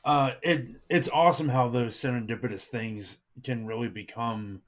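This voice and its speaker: A man hosting an interview, asking measured questions with frequent fillers. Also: medium pitch, steady tone. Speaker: interview host. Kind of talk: podcast interview.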